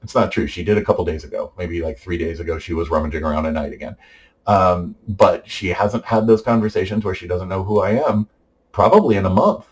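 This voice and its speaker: A middle-aged vlogger gives a casual family update in a low, brisk voice. He rambles with lots of fillers and restarts, and the recording is rough.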